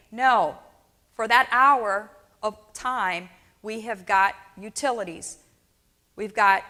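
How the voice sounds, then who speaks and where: A woman from New Orleans delivers a motivational keynote with a bright, forceful voice pitched a little high. She keeps the room with her through lively storytelling and quick "right?" check-ins. Her voice rings out with the long reverb of a large hall. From New Orleans, USA. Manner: energetic storyteller, asks the audience, frequent "right?" and "okay?". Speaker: keynote speaker, dental practice coach.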